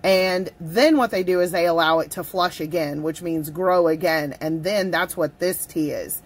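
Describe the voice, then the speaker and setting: A woman talks through a casual tea review vlog from her home desk. Her voice sits a little low, and she gushes and chats directly to the people watching. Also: moderate pace. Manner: chatty and gushing, talks straight to viewers. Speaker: tea vlogger.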